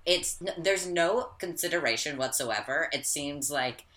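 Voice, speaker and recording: A woman with an unusually deep voice but a bright, forceful edge, chatting loosely about a film. She fills her talk with ums and likes and drops the odd curse. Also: lively intonation, a little slow. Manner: chatty, filler-heavy, swearing. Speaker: podcast co-host. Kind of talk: casual film discussion.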